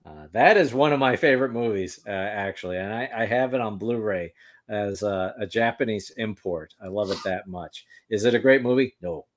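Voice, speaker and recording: A man hosting a casual chat, speaking haltingly with many fillers and breaking into laughs. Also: fairly low pitch. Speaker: host.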